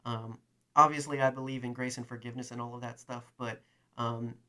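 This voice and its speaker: A man's voice: mid-range voice, little pitch movement, fairly quick, bright, forceful tone. A man hosting a casual chat, talking enthusiastically and rambling with plenty of fillers. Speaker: podcast host. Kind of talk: casual chat and reading aloud.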